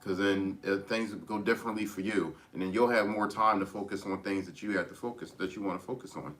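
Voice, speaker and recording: Bright-voiced man giving a rambling tarot reading. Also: on the low side, fairly even intonation, brisk. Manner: rambling, with many restarts and repeats; gently advising, speaking straight to listeners. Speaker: tarot reader.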